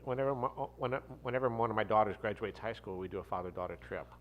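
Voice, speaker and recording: A man's voice: fairly low pitch, fast, highs cut off. A middle-aged man, a veterinarian, speaking as a guest in a mild, hesitant way. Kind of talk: casual interview.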